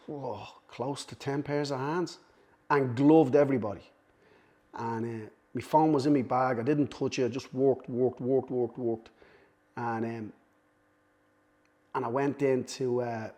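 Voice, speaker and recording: A man's voice: mid-range voice, dark tone. A middle-aged man, a podcast guest, telling a casual, self-deprecating story. He swears freely and acts out other people's lines. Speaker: guest, cutman.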